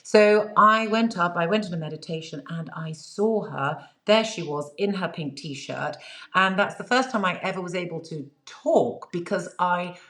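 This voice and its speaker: A woman with a somewhat low voice tells a personal story as an interview guest. She sounds earnest and reflective, and her talk is loose and conversational, full of "you know" and small restarts. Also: moderate pace, a bit bright. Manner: earnest, reflective, frequent fillers.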